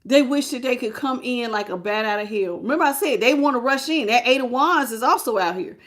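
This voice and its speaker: Woman with a slightly high voice doing a chatty live tarot reading aimed straight at the viewer. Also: expressive, fairly quick, a bit bright. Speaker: tarot reader.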